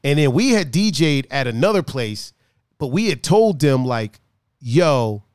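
A man's voice: mid-range voice, sing-song, a little slow, a little mellow, smooth, dry recording, clean studio sound. A young man casually telling a story about a friend, laughing often, swearing and acting out the others' lines.

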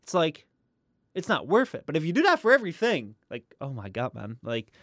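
Man, podcast co-host, casual chat, halting with many fillers, dry close mic. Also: on the high side, huge pitch swings, a bit bright, dry recording. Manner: hesitant, lots of fillers and restarts, builds up to the point.

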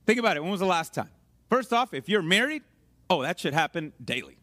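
A man's voice: sits high, sing-song, fairly quick, a bit bright. A middle-aged man preaching a conversational sermon to his church, joking and asking the congregation questions. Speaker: pastor.

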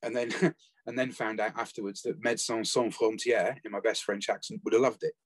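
A man, talking earnestly and haltingly about caring for his late spouse in a conversational interview. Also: fairly low pitch, fairly even intonation, dry recording. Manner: earnest, reflective, halting with restarts. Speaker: bereaved former family carer, guest.

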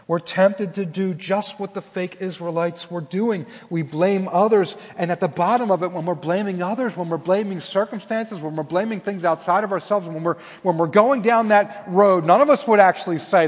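A man preaching a sermon as pastor, swinging between loud, pleading lines and hushed, quiet ones. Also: high-pitched, moderate pace, hardly any pauses. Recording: long hall reverb.

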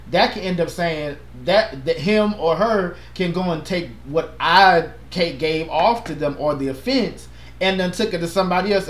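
Earnest passionate pastor in an echoey room. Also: male voice, on the high side. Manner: earnest, passionate, animated with playful asides. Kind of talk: casual chat.

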